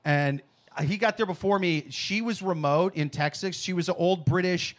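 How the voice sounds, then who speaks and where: A man hosting a casual comedy talk show, telling a story in an animated, profane way. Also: high voice, moderate pace. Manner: animated storyteller, swears freely. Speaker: podcast host.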